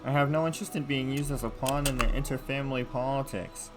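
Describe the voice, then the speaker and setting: A man's voice: mid-range voice, steady tone, fast talker, over music, close to an everyday voice. A man voicing a bold, defiant noble girl in a visual novel.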